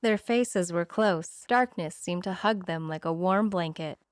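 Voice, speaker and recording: A woman narrating a romance audiobook, slowing down for the romantic moments. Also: lowish voice, clean tone, dry recording, clean studio sound.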